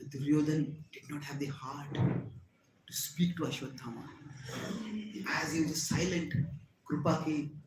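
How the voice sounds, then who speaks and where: A man's voice: steady tone, measured pace, long pauses. A man with an Indian English accent, a spiritual teacher recounting an epic as a devotional lecture, dramatic and acting out the characters' cries. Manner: dramatic, acts out characters' cries with swings in pitch and loudness. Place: lecture hall. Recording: echoey hall, faint background noise.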